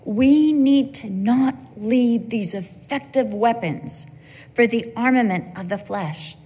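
A woman's voice: on the high side, slow, dark tone, husky, big-room sound. A woman preaching a sermon in an earnest, conversational way, with asides and personal stories.

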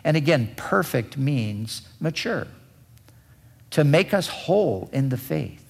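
Slow, gravelly-voiced male preacher. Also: fairly high pitch, big pitch swings. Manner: deliberate preaching with emphatic repetition. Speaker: pastor. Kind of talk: sermon.

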